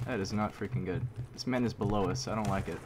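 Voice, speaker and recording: Excitable man commentating a shooter game. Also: fairly low pitch, fast talker, background noise. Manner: excitable, repeats himself, mild minced oaths. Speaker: gameplay commentator. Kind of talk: live video game commentary. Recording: loud game gunfire under voice. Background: gunfire and shooting game sounds.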